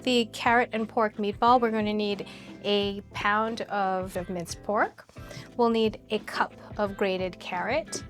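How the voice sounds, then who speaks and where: A woman hosting her cooking channel, chatting playfully and explaining each step as she cooks in her kitchen. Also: on the high side. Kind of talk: casual cooking vlog. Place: home kitchen with food sizzling. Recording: background music under the voice. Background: music and sizzling pan.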